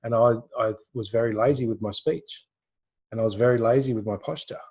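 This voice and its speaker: A man's voice: mid-range voice, fairly even intonation, a little fast, a little mellow, husky. Laid-back Australian man. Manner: rambling, repeats words, laughs often. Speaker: intuitive reader, co-host. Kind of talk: live online session, casual chat.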